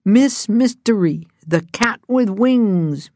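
A woman's voice: medium pitch, animated, slow, warm tone, no room sound, clean studio sound, pitched above the performer's own voice. A woman voicing a fond man who coaxes and fusses over his cat, in a storybook reading. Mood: doting. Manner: coaxing, fond.

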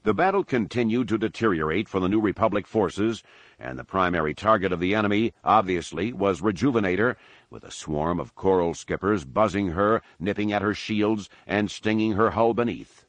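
In scripted audiobook narration, a deep-voiced man reads in a measured and dramatic way, his voice sitting very low. The recording is close and dry, with no room sound and no echo.

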